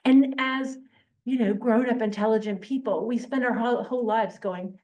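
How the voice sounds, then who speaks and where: A woman reads a novel aloud at an unhurried pace, then talks it over with a class. Her voice sits a little high, and she presses her points earnestly, checking that listeners follow. The mic is well back in a reverberant room. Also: fairly even intonation. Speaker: book discussion leader. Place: classroom or church meeting room. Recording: echoey room, mic far off.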